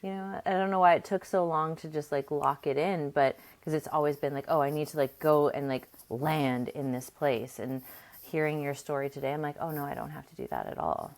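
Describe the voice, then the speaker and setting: A woman with a notably deep voice co-hosts a podcast. She speaks casually and reflectively, affirming what her guest says. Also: animated, brisk. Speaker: podcast co-host. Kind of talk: casual chat.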